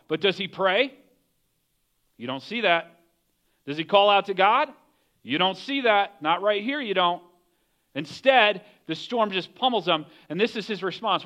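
A man's voice: sits high, lively intonation, moderate pace, pauses often, a bit bright, lo-fi sound. A man preaching a conversational sermon, often asking the listeners questions. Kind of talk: casual sermon.

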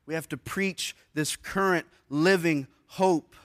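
A man preaching a sermon to a church congregation in a conversational way, using casual slang and swinging between soft and loud passages. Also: fairly high pitch, slow. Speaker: pastor. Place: church service before a congregation.

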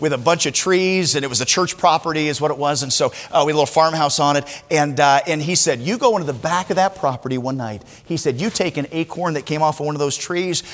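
Middle-aged male preacher, high voice, story-driven sermon with big dynamic swings, church hall echo. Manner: storytelling with wide swings from soft to loud. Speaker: pastor.

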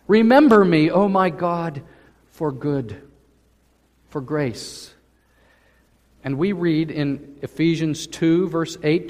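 A male pastor delivers a sermon in a slightly higher-pitched voice, pacing his words slowly and leaning hard on key phrases. His voice rings out through a church sanctuary with a long, lingering reverb. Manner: slow, emphatic preaching with drawn-out phrases.

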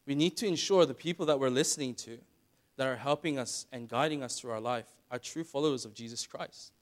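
A man preaching a sermon, dropping to quiet asides and then building to loud, dramatic retellings. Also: mid-range voice. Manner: dramatic, swings from soft asides to shouted retellings.

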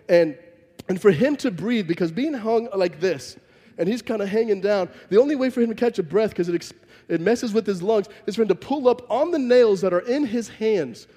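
A man's voice: high voice, warm tone. A man preaching a sermon, telling the story vividly and emphatically and acting out the scenes. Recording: long reverb from a large hall.

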